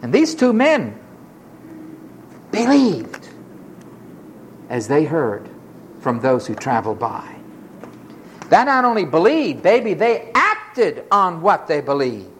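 A preacher delivering a sermon in an emphatic, dramatic way, dropping to low murmurs and rising to high exclamations as she acts out the people in the story. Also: sing-song, slow pace, long pauses, a little hiss or hum.

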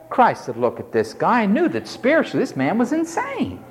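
A man's voice: high voice, huge pitch swings, a little fast, long reverb tail, slight background noise. A man preaching a sermon in an emphatic, dramatic way, acting out the voices he quotes.

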